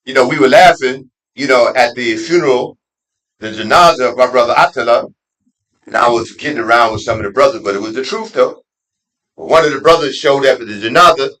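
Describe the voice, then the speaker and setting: A middle-aged man, an imam giving a conversational Friday sermon with street slang, dropping to low asides and rising to loud emphatic peaks. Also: a little fast, poor audio. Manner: street slang and laughter mixed into preaching. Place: mosque.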